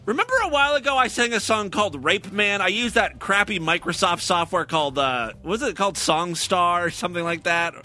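A man's voice: high voice, expressive, a little fast, hardly any pauses, pushed and bright. A man hosting a comedic talk show, giving crude, sarcastic running commentary over clips. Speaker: podcast host.

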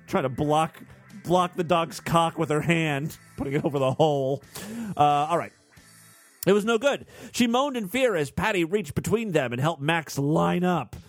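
Dude reading a story out loud for laughs, sarcastic asides, bouncy lively voice, a bit high. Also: male voice. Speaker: host reading stories.

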